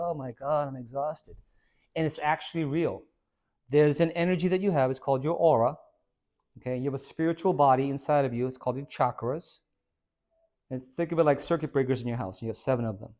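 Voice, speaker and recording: A man, a fitness trainer, gives a casual motivational talk to a small group and acts out the voices of the people in his stories. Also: a little high. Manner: animated storyteller who acts out quoted voices.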